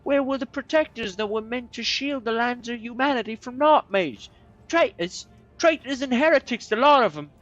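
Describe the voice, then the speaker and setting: An actress playing a desperate refugee in a video game, pleading and then defiant. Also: female voice, fairly high pitch, animated, normal speed, close to an everyday voice. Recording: muffled game audio with music.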